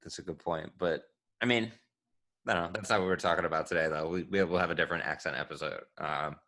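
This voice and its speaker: A man's voice: low-pitched, fairly even intonation, fast, pushed and bright. A man hosting a podcast, talking in casual chat and often searching for words. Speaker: podcast host.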